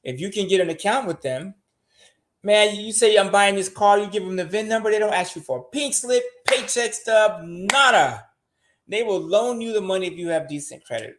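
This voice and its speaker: A man's voice: high-pitched, animated, moderate pace, fairly bright tone. An older man, a show regular, giving blunt money advice in casual podcast talk and swearing freely.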